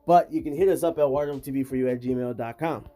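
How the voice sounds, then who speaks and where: A man's voice: medium pitch, quick pace, dark tone, soft background music. A man hosting a casual vlog, talking straight to his viewers in emphatic, slangy street talk. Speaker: host.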